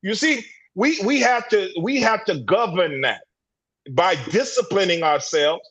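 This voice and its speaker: A husky yet fairly bright, high-pitched man's voice, expressive and measured in pace, comes through poor audio on a livestream video call. As a panelist in an impassioned men's group discussion, he preaches emphatically, repeating words and restarting sentences.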